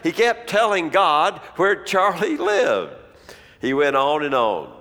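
A man's voice: very animated, measured pace, fairly bright tone, long reverb tail. A man preaching a sermon, telling a story and acting out the quoted lines of its people. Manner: storytelling, acts out quoted speech with rising pitch.

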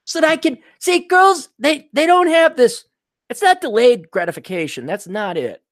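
A man's voice: very high-pitched, normal speed, dry recording, studio quality. A man hosting a podcast, ranting in a casual, comedic way and swearing often as he tells stories. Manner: profane, animated storytelling with quoted voices. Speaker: podcast host.

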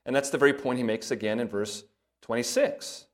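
A male pastor preaching a sermon, reading scripture aloud with rising emphasis and dropping into quieter asides. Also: fairly quick. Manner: breaks into soft asides in a lower voice.

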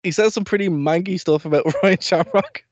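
A podcast co-host in casual chat, chiming in with quick reactions and agreement. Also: mid-range voice, no echo, highs cut off. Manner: quick reactive interjections and laughter.

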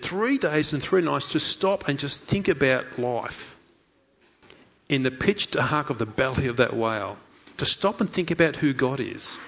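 A man's voice: mid-range voice, a bit bright, dull audio. A man preaching a sermon in an earnest way, asking many rhetorical questions and voicing the thoughts of a story figure. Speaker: pastor.

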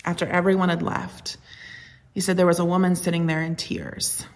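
A woman's voice: fairly low pitch, flat delivery, normal speed. A woman pastor giving a conversational sermon, earnest and reflective, telling stories with a touch of humor.

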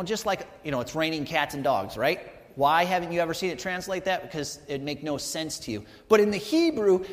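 A man in his thirties, a pastor giving a conversational sermon, telling the story casually and checking in with the congregation with frequent "right?" asides. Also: a little high. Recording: long hall reverb.

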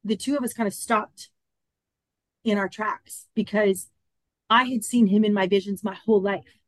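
Speaking at a moderate pace in a medium-pitched voice with no echo, a podcast guest in her fifties recounts a personal story during an interview. She is lively and voices the quoted dialogue herself.

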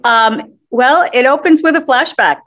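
A woman, a theater director, answering interview questions in a measured way with frequent ums. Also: high voice, a bit bright, lo-fi sound.

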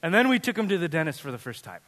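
A man in his thirties preaching a sermon as pastor, telling funny, animated family stories. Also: fairly high pitch, rapid-fire, in a large hall. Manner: animated, humorous storytelling. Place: church sanctuary.

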